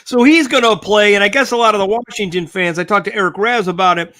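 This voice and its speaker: A man's voice: high-pitched, fast talker, sharp tone. An older man co-hosting a casual sports talk show, rambling and thinking aloud as he talks.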